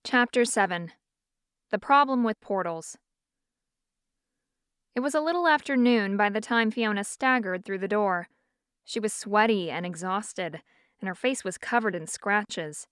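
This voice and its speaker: A woman reading an audiobook as narrator in an even, smooth storytelling manner. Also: medium pitch, unhurried, pauses often, no echo, clean studio sound. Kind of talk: scripted narration.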